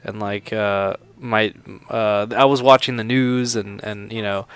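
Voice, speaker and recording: A man's voice: lowish voice, steady tone, a little slow, clear, resonant tone. A man hosting a game playthrough, telling stories and reacting in a rambling, laughing way, swearing often. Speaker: let's play host. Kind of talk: casual gameplay commentary.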